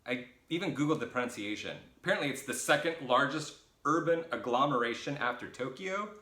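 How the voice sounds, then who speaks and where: A man's voice: medium pitch, expressive, fairly quick, bright, forceful tone, reverberant. Chatty middle-aged American man rambling. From United States. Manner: chatty, self-deprecating, jokey asides. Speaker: vlogger answering viewer questions. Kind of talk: casual rambling Q&A. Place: his boyfriend's home.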